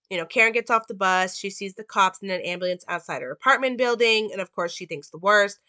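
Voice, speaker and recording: A woman recaps a film in casual, rambling commentary full of fillers. Her voice is bright and forward, and the recording is dry and close. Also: mid-range voice, no echo. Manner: chatty, rambling, many fillers. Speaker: movie reviewer.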